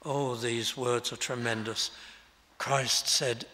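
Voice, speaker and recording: An older man preaching a sermon in a large church hall, slow and emphatic, quoting scripture in old-fashioned wording. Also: medium pitch, animated, sharp tone. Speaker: pastor.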